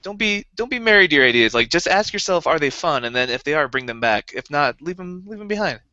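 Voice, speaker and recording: A man's voice: a little high, lively intonation, fast, pushed and bright, no echo. A man co-hosting a casual podcast chat, talking in a thoughtful, advice-giving way. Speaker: podcast co-host. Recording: dull dry lo-fi recording.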